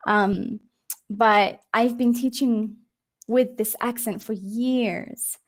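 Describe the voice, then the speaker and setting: A chatty Australian woman on a video call, her voice sitting a little on the high side. She talks casually as an English tutor, laughs often and drifts through plenty of ums. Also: fairly even intonation, slow.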